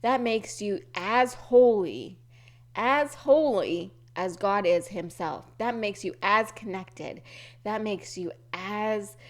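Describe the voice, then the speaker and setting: Slow-spoken woman with a throat tickle. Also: medium pitch. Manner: rambling, searching for words, frequent restarts; earnest, repetitive affirmations. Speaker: podcast host. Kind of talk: unscripted spiritual talk.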